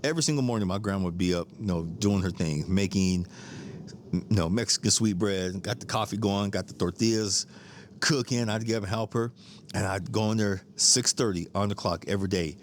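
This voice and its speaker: A middle-aged podcast host rambles through stories in a casual monologue, repeating words, laughing often, and swearing freely. His voice is on the low side and fairly quick, with a little hiss or hum on the recording.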